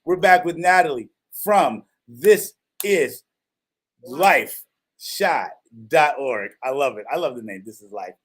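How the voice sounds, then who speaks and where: Chatty middle-aged radio host, jokey. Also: male voice, fairly high pitch, expressive, slow, breathy edge. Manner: chatty, jokey, rambling with restarts. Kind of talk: casual radio talk.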